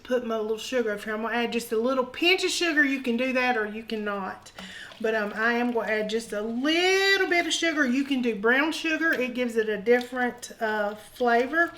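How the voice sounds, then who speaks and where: A woman's voice: a little high, brisk, a bit bright, rough recording. A woman hosting a home cooking show, talking in a folksy, joking way and calling viewers honey. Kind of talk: casual cooking demonstration. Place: home kitchen.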